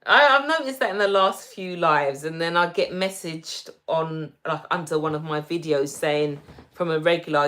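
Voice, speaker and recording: A woman with a London accent hosting a casual livestream, reading viewer comments aloud and answering them gently and reassuringly. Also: lowish voice, lively intonation, measured pace. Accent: London English. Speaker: livestream host.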